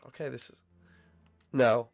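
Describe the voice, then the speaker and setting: A young man casually commenting on his gameplay, bantering and teasing his teammates, his voice still a little hoarse as it recovers. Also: measured pace, faint music behind. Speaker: gaming channel host.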